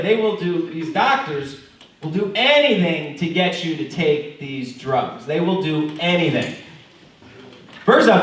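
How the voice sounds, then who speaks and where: Stand-up guy, higher-pitched voice, profane and mock-earnest, recorded from a distance. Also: a bit bright, a little hiss or hum. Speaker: stand-up comedian. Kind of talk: stand-up comedy set. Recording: very echoey room, mic far off.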